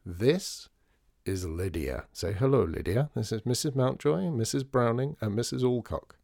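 A man voicing a charming, smooth-talking showman in a storybook reading, theatrical and persuasive. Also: mid-range voice, expressive, normal speed, darkish tone, no room sound, studio quality. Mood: conspiratorial.

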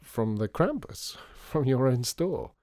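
A man voicing a tall, formal young man with a crisp, clipped manner. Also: mid-range voice, expressive, a little mellow, dry recording, clean studio sound, voice pushed up. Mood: baffled. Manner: clipped, brisk.

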